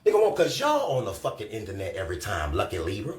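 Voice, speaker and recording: A man on a live stream delivering a loud, profane rant, scolding and repeating himself for emphasis. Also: lowish voice, huge pitch swings, quick pace, roomy sound.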